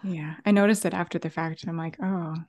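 A woman co-hosting a casual chat, relaxed and laughing as she shares stories from home. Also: fairly low pitch, fast talker. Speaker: podcast co-host.

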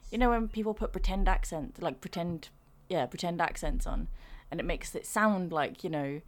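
A woman with a fairly low voice talks in a loose podcast chat. She is skeptical and exasperated, and she drops the odd swear word. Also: expressive, moderate pace. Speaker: podcast co-host. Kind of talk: casual chat.

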